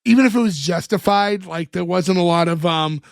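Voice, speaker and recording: Podcast co-host, male, high gravelly voice, dry close sound, retells scenes with quoted lines. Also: moderate pace, no echo. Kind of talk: casual chat, recapping an episode.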